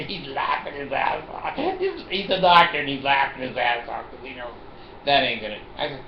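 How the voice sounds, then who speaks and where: An older man talks casually to the camera from his chair at home, rambling from one story to the next and laughing at his own jokes. His voice sits at an ordinary middle pitch. The recording is roomy and somewhat dull, with faint noise behind him. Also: animated, a little slow. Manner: rambling, joking, laughs often. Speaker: vlogger.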